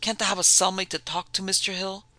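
A man acting out a hulking male convict gone to pieces with fear, stammering and pleading through chattering teeth. The voice sits a touch high with a gravelly edge. It is dry and close, with a bright, forceful tone. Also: moderate pace, no echo, heavily acted.

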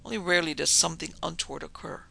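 A man reading the part of a smooth, domineering older doctor who leads a secret order, speaking in a coolly persuasive way. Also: a little high, rapid-fire, pushed and bright, exaggerated voice, low-quality recording.

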